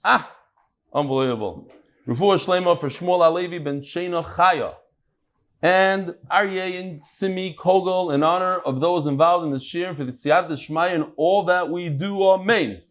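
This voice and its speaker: A middle-aged man leads a daily Talmud class in a lively, jokey way, his voice sitting a little high for a man. He shifts between plain English and Hebrew-Aramaic terms as he explains. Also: normal speed. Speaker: Talmud class teacher and host. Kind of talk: lively Talmud lesson to a live group.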